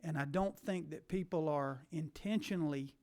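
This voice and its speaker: A man's voice: fairly high pitch, moderate pace, darkish tone. A man questioning witnesses at a legislative committee hearing, pressing his point and repeating words for stress.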